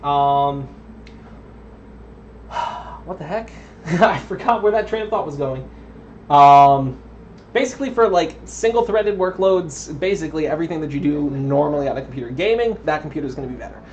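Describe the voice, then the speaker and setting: Young male streamer, higher voice, rambling and chatty, dull lo-fi audio with a faint hiss. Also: expressive, normal speed, long pauses. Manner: rambling, chatty, self-interrupting with ums. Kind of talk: casual live-stream commentary while building a computer.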